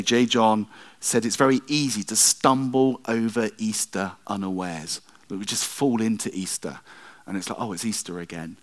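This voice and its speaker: A middle-aged male pastor preaching a sermon in a conversational way, with self-deprecating asides. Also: fairly low pitch.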